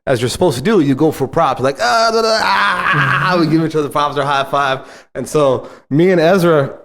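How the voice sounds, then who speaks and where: A man's voice: fairly high pitch, a little fast. A man in his thirties, a podcast co-host, telling family stories in casual chat and laughing often. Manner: animated storytelling, laughs often.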